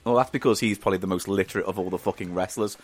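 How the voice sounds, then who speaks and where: A man's voice: deep voice, steady tone, very fast, husky, no room sound, faint music behind. A middle-aged man co-hosting a podcast in casual banter, sweary and jokey, sometimes slipping into silly voices. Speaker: podcast co-host.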